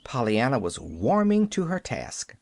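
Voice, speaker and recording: A man narrating a classic novel as an audiobook, with a lively storytelling delivery. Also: medium pitch, measured pace.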